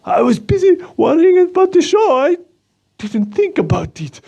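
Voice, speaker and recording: A man voicing a silly, forgetful, anxious male character for a children's show, talking in a high, panicky, frantic way. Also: huge pitch swings, brisk, a little mellow, slightly rough, dull audio, full character voice. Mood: panicked.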